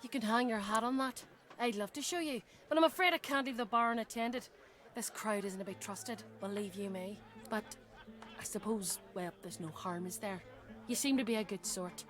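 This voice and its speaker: A woman's voice: medium pitch, normal speed, fairly bright tone, faint music behind, close to an everyday voice. An actress playing a chatty, fond middle-aged tavern keeper in a game who dotes on her son. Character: doting middle-aged female tavern keeper and proud mother.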